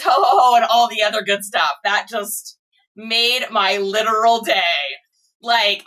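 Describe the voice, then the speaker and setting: A woman reseller chatting casually to viewers, gushing and excitable as she unboxes items. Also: on the high side, distant mic. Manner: gushing, excitable, squeals and laughs. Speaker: reseller vlogger.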